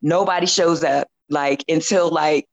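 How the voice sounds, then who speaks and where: A woman in her fifties tells a story as a podcast guest, animated and quick to laugh, acting out her own lines. Her voice sits a little low for a woman. The recording is close and dry. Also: vocal fry, dry recording, rough recording. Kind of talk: casual storytelling chat.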